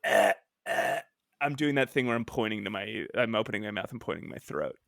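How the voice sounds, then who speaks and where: A man's voice: fairly low pitch, fast, gravelly, a bit bright, no echo, clean studio sound. A man co-hosting a casual comic-book podcast, recapping with jokes and sudden mock-villain voices. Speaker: podcast co-host.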